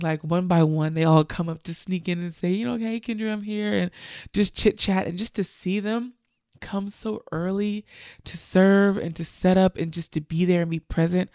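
A woman's voice: fairly low pitch, a little mellow, no echo, studio quality. A young woman, a bride-to-be, chatting to her viewers in an emotional, gushing storytelling style. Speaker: bride-to-be vlogger.

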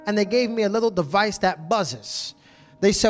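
A man's voice: sits high, animated, normal speed, soft background music. A male pastor telling a story in a sermon, constantly calling out to the congregation for a response. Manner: call-and-response, repeatedly asks the congregation "y'all".

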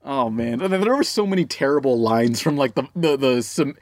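A man in casual chat with friends, excitable and swearing freely. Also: medium pitch, moderate pace, no echo, clean studio sound. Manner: excitable, swears, laughs often.

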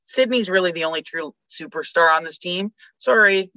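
A woman's voice: on the low side, normal speed, sharp tone, no echo. A woman talking sports as a podcast guest, ranting with energy and reeling off statistics. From Canada. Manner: fired-up ranting, rattling off stats. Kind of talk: casual sports chat. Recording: dull lo-fi dry recording.

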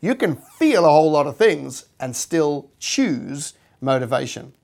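A man hosts a podcast in a relaxed, chatty way, often leaning on fillers as he talks. His voice sits a little on the high side. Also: unhurried, vocal fry. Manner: chatty, many fillers like "you know". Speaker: podcast host. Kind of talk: casual podcast intro and talk.

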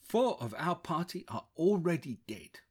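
A man's voice: a little high, very animated, measured pace, slightly rough, voice pushed up, exaggerated voice. A man voicing a casual, unbothered young man with an Indian accent that has an American twang. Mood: matter-of-fact. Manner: blunt, casual slang.

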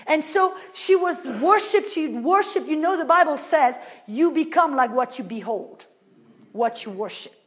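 High-voiced woman preaching a sermon. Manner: emphatic, asks the audience rhetorical questions; swings between loud and very soft.

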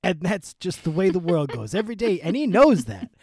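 A man doing a comedic impression of a boastful, rambling male rock singer with a croaky, raspy voice. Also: sits high, big pitch swings, brisk, darkish tone, no echo, full character voice. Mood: blustery. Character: gruff famous male rock singer, blustery.

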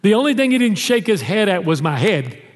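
A male pastor preaching a sermon in a church, telling stories and dropping low and soft on tender lines. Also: big pitch swings, fairly quick. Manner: storytelling, drops low and soft on intimate lines. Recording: long reverb of a church hall.

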